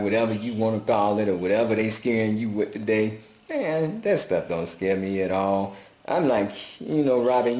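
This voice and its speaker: A man talking in a folksy, preachy, casual vlog style, telling animated stories. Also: fairly low pitch. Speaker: vlogger. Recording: roomy echo.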